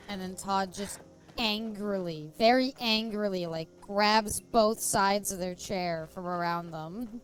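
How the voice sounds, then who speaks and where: A woman's voice: mid-range voice, a little slow, faint music behind. A woman streamer giving casual commentary while she plays, rambling through jokey stories and laughing often. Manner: rambling, giggly, jokey storytelling. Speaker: streamer playing a game.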